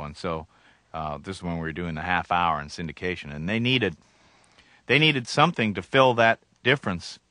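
A man's voice: deep voice, bright, forceful tone, no room sound. A man from Canada, a comedian guest telling stories in a wry, rambling way with chuckles. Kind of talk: casual interview talk.

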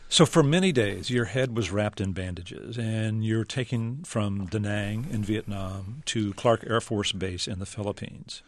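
A man's voice: on the low side, unhurried, hardly any pauses, dry recording. A man interviewing a guest, prompting him with questions and summarizing his writing. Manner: prompting, paraphrasing the guest's book. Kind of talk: radio interview.

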